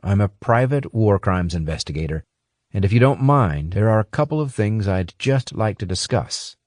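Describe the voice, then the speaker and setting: A man voicing a calm, courteous male investigator who speaks in a polite, measured way in a storybook. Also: fairly low pitch, no echo, clean studio sound, close to an everyday voice.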